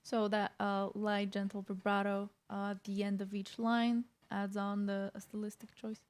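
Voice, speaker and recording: A woman's voice: mid-range voice, completely flat delivery, moderate pace, soft background music. A woman vocal coach giving casual reaction commentary, explaining technique in a loose, conversational way with frequent restarts.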